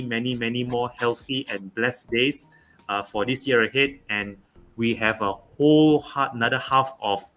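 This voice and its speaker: A young man from Malaysia, talking football as a guest on a casual online show, pausing often with fillers and restarts. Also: mid-range voice, a bit bright. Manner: halting, many fillers and restarts. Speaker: guest pundit.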